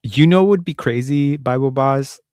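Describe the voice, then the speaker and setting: A man's voice: medium pitch, moderate pace, darkish tone, dry recording, clean studio sound. A man hosting a casual live stream from home, rambling, swearing and joking with his audience. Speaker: livestream host.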